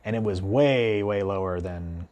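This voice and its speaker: This guitar vlogger's voice sits low and moves a little slowly. Chatting to camera, he recounts an indignant tale in a rambling, animated way, starting over often and filling gaps with "like" and "you know."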